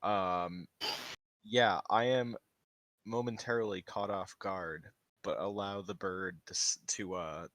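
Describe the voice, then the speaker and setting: A young man at a tabletop game, chatting casually with wry, deadpan asides. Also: sits low, slow pace, no echo.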